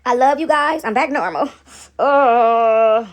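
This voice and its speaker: A woman's voice: on the high side, sing-song, a little fast, husky. A woman vlogger in a casual faith chat, rambling and preachy, talking straight to her viewers.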